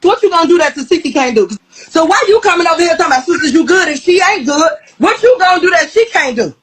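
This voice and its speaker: Fast-talking, profane, high-voiced woman. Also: low-quality recording. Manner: blunt, profane, animated, retells a fight with quoted back-and-forth. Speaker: reality show cast member interviewed on a live stream. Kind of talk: heated storytelling on a live stream.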